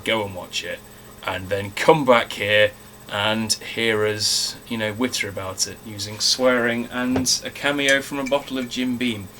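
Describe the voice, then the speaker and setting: A man's voice: on the low side, sharp tone, a little hiss or hum. A man co-hosting a casual film review chat, talking in a chatty way and swearing freely.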